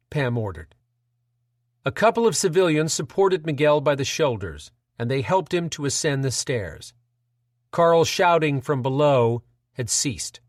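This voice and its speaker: A man narrating an audiobook in a dramatic, measured reading. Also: mid-range voice, no room sound, studio quality.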